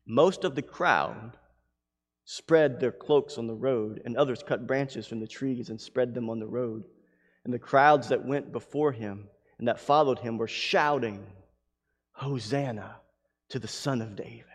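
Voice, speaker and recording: A man preaching a sermon who reads scripture aloud and swings from loud, emphatic lines to hushed ones. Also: mid-range voice, a little slow. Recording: long hall reverb.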